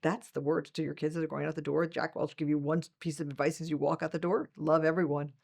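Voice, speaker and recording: A woman in her sixties, a management professor, telling stories in an interview and acting out quotes with big jumps in pitch. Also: flat delivery, fast, creaky, darkish tone. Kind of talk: conversational interview.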